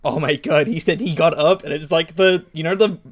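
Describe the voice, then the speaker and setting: Um homem que co-apresenta um podcast, em conversa descontraída, fala de forma hesitante, cheia de pausas e risinhos. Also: male voice, on the high side, steady tone. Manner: slow, hesitant, giggly, many fillers. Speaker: podcast co-host. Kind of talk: casual chat.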